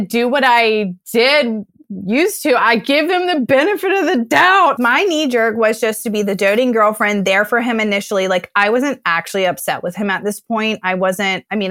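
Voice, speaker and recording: A young woman recounts her own story in a chatty, emotional way, peppering her talk with "like" and acting out what went through her head. Her voice sits at a middle pitch and sounds close and dry, with no room around it. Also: fairly bright tone, dry recording. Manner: emotional, heavy use of "like", acts out her own past thoughts. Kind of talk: casual podcast storytelling.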